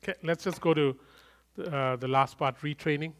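A middle-aged man preaching a sermon, swinging from loud emphatic bursts to quiet, intimate storytelling. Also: fairly high pitch, steady tone, normal speed. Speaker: pastor.

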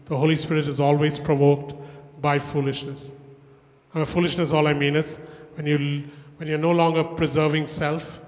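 A man pastoring a church, speaking in a relaxed, conversational way and checking in with the congregation. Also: fairly high pitch, normal speed. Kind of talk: casual sermon and church announcements. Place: church hall. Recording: reverberant church hall.

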